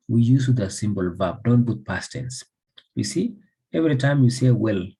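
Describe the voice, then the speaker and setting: A man's voice: medium pitch, dark tone, slightly rough, poor audio. A man from Somalia, teaching an English grammar lesson by repeating example sentences and asking the class questions.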